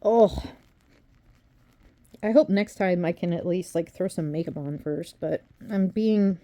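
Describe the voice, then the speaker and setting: A woman's voice: fairly low pitch, measured pace, dark tone. A woman records a casual video diary at home and addresses her viewers directly. She rambles and pokes fun at herself, and she sounds tired. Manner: rambling, self-deprecating, chatty with viewers. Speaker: vlogger.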